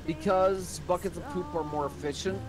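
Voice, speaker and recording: High-voiced man arguing over a game. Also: fairly even intonation, normal speed, poor audio. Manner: argumentative, blunt. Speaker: player in a group game. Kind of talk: casual gaming chat. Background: game music.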